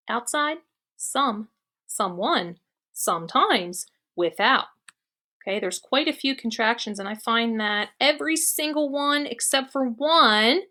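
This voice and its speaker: A woman's voice: on the high side, sharp tone. A woman teacher giving a recorded online mini-lesson to young students, explaining step by step and checking in with frequent "okay"s. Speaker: elementary school teacher.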